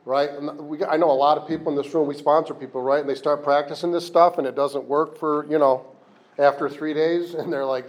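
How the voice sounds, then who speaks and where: A man's voice: fairly high pitch, steady tone, fairly quick, darkish tone. A man speaking at a recovery meeting, candid and self-deprecating, rambling with frequent restarts, in a meeting room.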